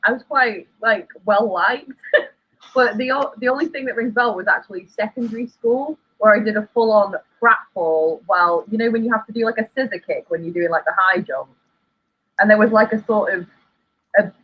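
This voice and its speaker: An English man with a high, husky voice tells a story in halting bits. The sound is dull and lo-fi, with the top end rolled off. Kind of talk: casual chat.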